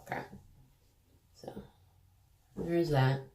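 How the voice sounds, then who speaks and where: Low-voiced woman chatting through makeup. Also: extremely slow, gravelly, mellow, slight background noise. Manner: chatty, self-deprecating, exclamatory asides. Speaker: beauty vlogger. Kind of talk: casual makeup tutorial chat. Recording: echoey room.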